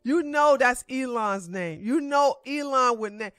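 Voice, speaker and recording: A woman delivering opinionated celebrity commentary in a blunt, scolding way. Her voice is bright and forceful, recorded close and dry with faint music underneath. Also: a little high, animated, moderate pace, hardly any pauses, no room sound. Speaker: commentary channel host.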